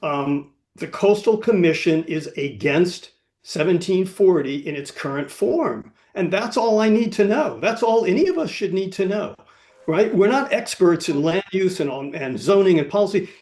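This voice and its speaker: A man's voice: high voice, lively intonation, moderate pace, a little mellow. A man giving an earnest, firm public comment as a club member at a meeting. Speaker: club member asking a question.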